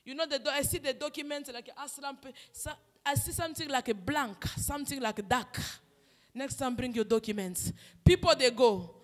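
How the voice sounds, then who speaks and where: A woman, a prophetess delivering personal prophecy in an impassioned, emphatic way that swings between loud declarations and soft asides. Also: sits high, moderate pace. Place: church hall. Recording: long reverb in a hall.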